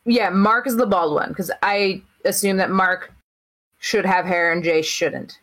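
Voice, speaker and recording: A female podcast co-host chats casually, tossing in wry, sarcastic asides. Her voice is medium in pitch and fairly bright, with fairly even intonation and a measured pace.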